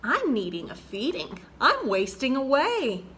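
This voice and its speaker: A woman's voice: high voice, huge pitch swings, unhurried, bright, forceful tone, a little hiss or hum, heavily acted. A woman voicing a fussy young male frog who is a picky eater, in a theatrical, sing-song, raised voice for a storybook. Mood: pleading.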